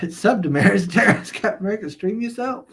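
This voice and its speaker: A man's voice: high-pitched, lively intonation, fairly quick, a bit bright. Male streamer, casual rambling host who reads chat aloud and chuckles a lot. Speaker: livestream host. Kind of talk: casual chat reading viewer comments.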